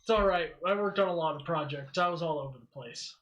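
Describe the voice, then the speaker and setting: A man's voice: a little high, fast, fairly bright tone, lo-fi sound, a little hiss or hum. A man playing in a tabletop role-play game, giving brief, plain replies in character. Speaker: player.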